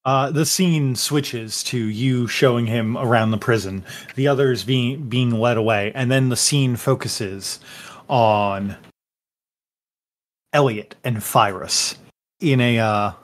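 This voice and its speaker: Guy running a tabletop game, slow and halting, lots of uhs, unhurried narration. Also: mid-range voice. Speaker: game master.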